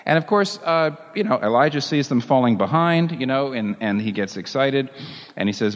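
A man preaching a sermon as a pastor, telling the story in a lively way and chuckling along with it. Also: medium pitch, moderate pace, big-room sound.

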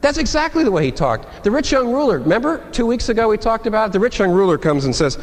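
Male pastor, sermon delivery, expressive pitch, echoing sanctuary. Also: quick pace. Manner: animated, conversational preaching with acted-out quotes. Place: church sanctuary. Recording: long reverb of a large hall.

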